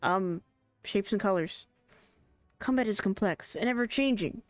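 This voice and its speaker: A woman's voice: mid-range voice, lively intonation, measured pace, no echo, faint music behind, natural voice. A woman doing a grand Irish weapon smith. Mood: theatrical. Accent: put-on Irish. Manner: reading game dialogue aloud, stumbling over words. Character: male weapon smith, mock-formal and grand.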